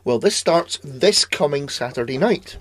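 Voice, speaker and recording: A man's voice: fairly high pitch, expressive, measured pace, a bit bright, no room sound. Rambling man, dry close podcast sound. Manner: rambling, laughs often, swears casually. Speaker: podcast co-host. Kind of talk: casual chat.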